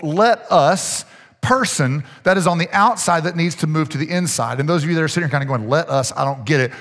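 A man preaching to his congregation with a fairly high voice and a lot of energy. He coaxes the room and repeats his key phrases. His voice rings out with the long reverb of a church hall. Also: fairly bright tone, husky. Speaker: pastor. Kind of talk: sermon.

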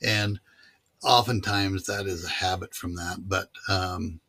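A man's voice: deep voice, fairly even intonation, slow, pushed and bright. A man who teaches mule-riding clinics, talking casually as an interview guest and telling stories with many fillers. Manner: drawling storyteller with fillers.

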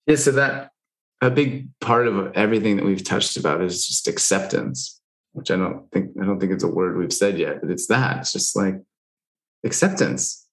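Man, very low voice, casual talk, candid, filler-heavy, swears now and then. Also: moderate pace, creaky. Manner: loose and candid, many fillers, swears freely. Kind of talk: casual conversation.

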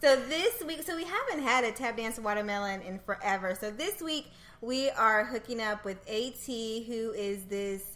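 A woman in her thirties chats casually as a podcast co-host, her voice bright and slightly high. She rambles warmly with fillers and laughs easily. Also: expressive, moderate pace, few pauses. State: new mother. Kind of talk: casual chat.

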